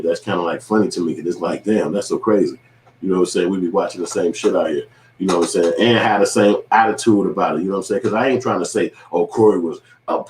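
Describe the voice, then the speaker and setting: Fast-talking low-voiced man, roomy sound. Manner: profane, animated storytelling with quoted voices. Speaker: channel host. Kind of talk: casual commentary monologue.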